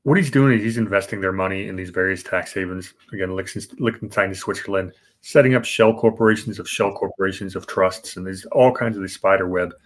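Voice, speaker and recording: A man's voice: low voice, fairly quick, hardly any pauses. A man co-hosting a podcast, explaining banking history casually, with fillers and restarts. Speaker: podcast co-host.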